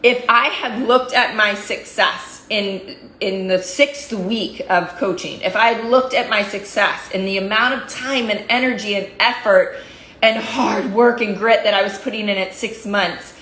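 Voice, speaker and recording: A woman's voice: mid-range voice, moderate pace, bright, forceful tone. Fired-up woman coach giving a pep talk. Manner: fired-up, emphatic, repeats phrases for emphasis. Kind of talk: motivational talk to followers. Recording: roomy echo.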